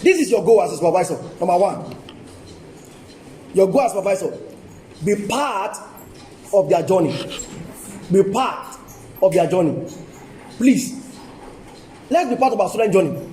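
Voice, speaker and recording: Speaking in a high, animated voice with a dark tone, this older Nigerian-accented man talks at normal speed but leaves long pauses. He is giving an emphatic seminar talk to colleagues in a university lecture hall, repeating key phrases and coaxing listeners along. The distant, echoey recording carries faint ambience and a little hiss or hum.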